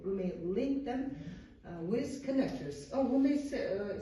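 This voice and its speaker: Uzbek accent woman teacher, lots of uh-huh, mellow kinda high voice, far off in a really echoey classroom. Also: expressive, moderate pace. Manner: frequent "uh-huh" and checking "yes?" with students. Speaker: English teacher. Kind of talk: classroom lecture. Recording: echoey classroom, voice from across the room.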